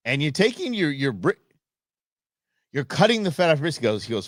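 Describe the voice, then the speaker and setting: A man hosting a live stream show, ranting and joking in a casual, animated way. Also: on the high side, moderate pace, long pauses, no echo, studio quality. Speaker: host. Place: Phoenix.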